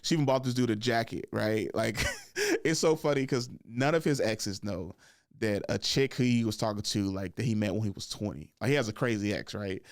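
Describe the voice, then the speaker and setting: A man's voice: fairly low pitch, brisk, no room sound, clean studio sound. A man in his thirties hosting a podcast, telling a story casually with frequent laughs and "like" and "right?" fillers. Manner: laughs often, fills with "like" and "right?". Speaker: podcast host.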